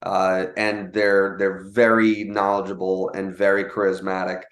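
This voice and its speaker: A young man telling a casual story, animated, with many fillers and quoted voices. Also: sits low, measured pace, reverberant. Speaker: guest telling a sales story.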